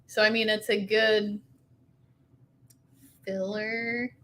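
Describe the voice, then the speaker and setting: Female stream co-host, unhurried, laid-back, short replies. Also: medium pitch, level tone, a bit bright, slight background noise. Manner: laid-back, brief replies, laughs often. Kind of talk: casual live-stream chat.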